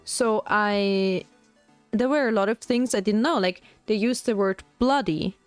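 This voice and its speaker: A young woman talks casually on a painting stream, wandering from thought to thought and leaning on "like" as a filler. Her voice sits in a middle pitch and sounds dry and close. Soft music plays faintly in the background. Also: a little slow, clean tone, no room sound. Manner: rambling and chatty, heavy on "like" fillers. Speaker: VTuber streamer. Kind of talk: casual chat while painting miniatures.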